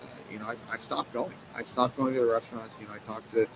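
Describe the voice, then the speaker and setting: A man telling a personal story as an interview guest in an earnest, halting way, full of fillers and restarts. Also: medium pitch, steady tone, background noise. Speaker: guest, company co-founder and president. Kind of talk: conversational storytelling interview answer. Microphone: live stream mic.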